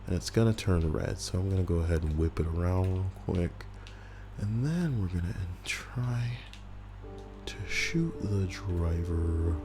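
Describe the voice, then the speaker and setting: A man with a deep, low voice rambles through casual gameplay commentary, swearing and wisecracking as he reads a list aloud. Faint music plays underneath. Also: fairly even intonation, normal speed, hardly any pauses, dark tone. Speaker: gaming YouTuber. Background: faint background music.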